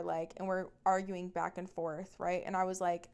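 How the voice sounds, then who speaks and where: A woman's voice: fairly low pitch, fairly even intonation, brisk, few pauses, clear, resonant tone. A young woman hosting a podcast, telling a personal story in a blunt, profane, emphatic way. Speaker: podcast host. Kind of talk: casual storytelling.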